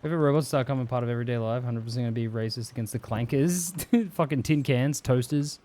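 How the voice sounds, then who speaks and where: A man's voice: mid-range voice, quick pace, mellow. A man streaming live, chatting casually and swearing freely as he reads viewer messages aloud and jokes about them.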